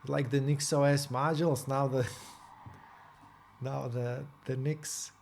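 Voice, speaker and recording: A man talks through his code in a casual vlog at a mid pitch, thinking aloud with frequent restarts and questions to himself. He reads documentation aloud in quick bursts. Faint keyboard typing sits in the background. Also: little pitch movement, creaky, darkish tone, a little hiss or hum. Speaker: programmer vlogger.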